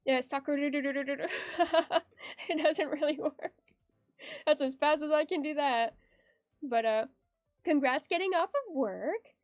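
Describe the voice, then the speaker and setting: A bubbly young woman with a high, bright-sounding voice chats casually while she draws on stream. She giggles often and reads her chat aloud. The sound is dry and close, with faint music playing behind her. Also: measured pace, pauses often, dry recording. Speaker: art streamer.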